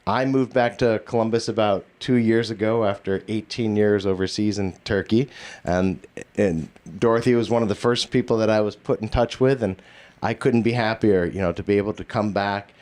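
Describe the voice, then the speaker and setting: Board president guy, lowish voice, lotta 'you know's, stop-start speech. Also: fairly even intonation, darkish tone. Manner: halting, many fillers and restarts. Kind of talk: speech at a public event.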